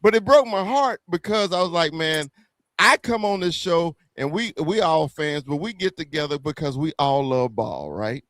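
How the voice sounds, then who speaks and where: Southern guy w a high voice, cocky sports trash talk, dry sound. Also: animated, fairly bright tone, no room sound. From American South. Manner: brash, profane, quick to apologize. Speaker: guest on a fan call-in stream.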